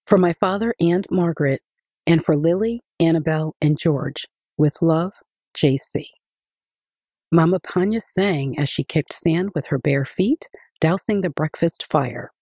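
A woman reading a children's picture book aloud in an expressive storytelling voice. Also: sits low, normal speed, breathy edge, dry recording, studio quality.

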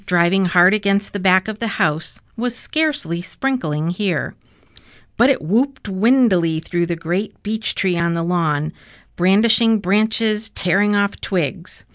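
A woman narrating a children's storybook in a steady, expressive read-aloud. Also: on the low side, no room sound, clean studio sound. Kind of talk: storybook reading.

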